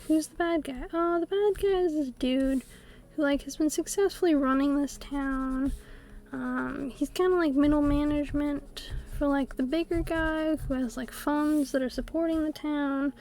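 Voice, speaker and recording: A woman's voice: sits high, steady tone, moderate pace, darkish tone. A woman streaming her art on a desktop USB microphone at home. She chats in a playful, rambling way and hums to herself while she draws. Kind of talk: casual chat while drawing on stream.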